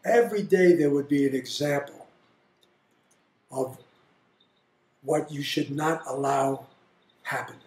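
An older man being interviewed, telling family stories in a blunt, animated way. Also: fairly high pitch, slow pace, long pauses. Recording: roomy echo.

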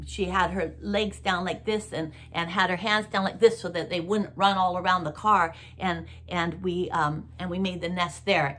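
A middle-aged woman hosting her own show, casually telling a story, animated and acting out sounds and gestures. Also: fairly low pitch. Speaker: host.

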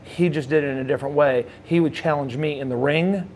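A man's voice: on the high side, a little fast, a little hiss or hum. A man in his forties, a former wrestler, telling stories in a casual interview and acting out the voices of people he quotes. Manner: animated storyteller acting out quotes. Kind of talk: storytelling shoot interview.

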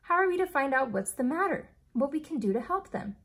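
A woman's voice: sits high, sing-song, fairly quick, fairly bright tone. A woman reading aloud as a worried young boy asking earnest questions.

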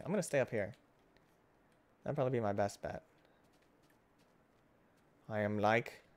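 A man hosting his gaming channel, giving casual let's-play commentary, excitable and swinging between loud outbursts and hushed muttering. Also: fairly low pitch.

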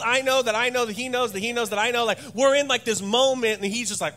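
A man in his thirties preaching a sermon as pastor, telling stories in a rambling, animated way and often repeating words. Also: sits high, fast talker, hardly any pauses, a little hiss or hum. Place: church stage.

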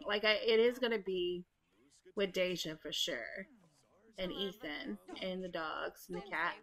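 A woman's voice: medium pitch, pushed and bright. A young woman giving casual, profanity-laced commentary while playing a life-sim game, chatting to viewers, laughing often and talking back at the characters. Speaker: gaming YouTuber. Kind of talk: casual let's play commentary.

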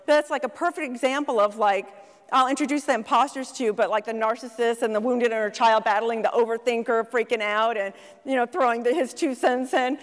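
A middle-aged woman life coach giving a lively motivational talk to an audience, telling stories and asking the crowd questions. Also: fairly high pitch, a little fast. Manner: storytelling, animated, asks the audience questions. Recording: long hall reverb from a stage.

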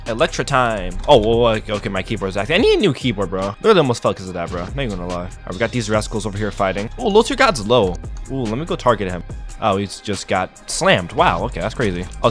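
Young guy ranting over his game, voice jumps all over, keeps saying bro, music quietly behind. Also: mid-range voice. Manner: exasperated, incredulous, repeats "bro". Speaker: gaming YouTuber. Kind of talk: gameplay commentary.

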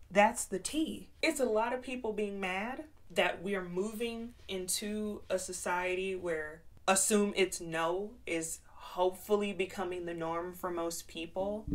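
A woman vlogger telling a personal story and giving commentary in a blunt, profane, emphatic way, swinging from hushed to loud. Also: mid-range voice. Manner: switches between hushed and loud emphatic delivery.

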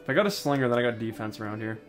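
Brash fast-talking young man. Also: medium pitch, expressive, soft background music. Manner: brash, joking, swears freely. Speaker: gameplay commentator. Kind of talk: casual let's-play chat.

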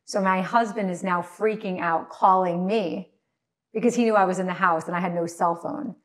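A woman's voice: fairly low pitch, moderate pace. A woman guest on a podcast, telling a personal story in an emotional, earnest way. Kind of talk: personal account in conversation.

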